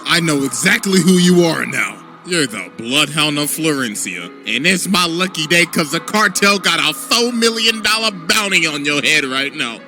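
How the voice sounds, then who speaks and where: A cocky male thug brags in a smug, boastful voice, as a man plays him. His speech is lively and high, with music playing behind. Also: normal speed, few pauses, exaggerated voice.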